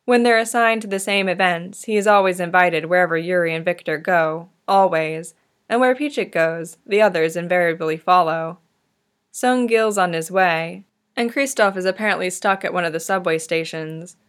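A woman narrating a fan-fiction story in a gentle, tender manner. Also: lowish voice, normal speed.

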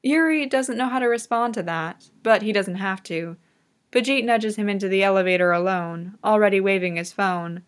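Woman calmly narrating a fan audiobook. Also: medium pitch, normal speed. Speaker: reader.

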